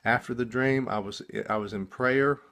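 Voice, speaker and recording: A man telling about a dream he just woke up from, in a casual, halting testimony full of restarts and repeated words. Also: mid-range voice, fairly bright tone. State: just woken up.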